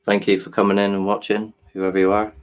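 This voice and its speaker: Earnest low-voiced man live-streaming. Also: completely flat delivery, fast talker, clear, resonant tone. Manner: earnest, hesitant, with restarts, explaining while working software. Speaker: livestream host.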